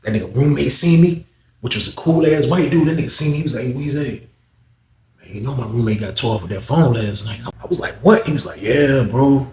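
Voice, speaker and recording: A man telling a story casually to the camera in slangy talk, loudly acting out the other people's lines. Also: mid-range voice, a little fast, roomy sound. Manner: animated, acts out quotes loudly, slangy. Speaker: vlog storyteller.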